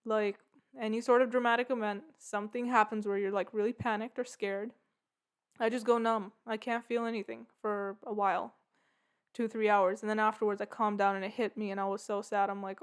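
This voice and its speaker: Woman podcast host, casual rambling storyteller, smooth clear voice, middle pitch. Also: level tone, fairly quick. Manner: rambling, lots of "like" and "yeah".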